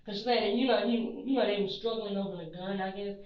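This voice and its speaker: A young woman being questioned by police, rambling with lots of "you know" and "like" and trailing off quietly at the ends of her lines. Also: medium pitch, steady tone, quick pace. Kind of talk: police interview recording. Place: police interview room. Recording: echoey distant muffled interview-room mic.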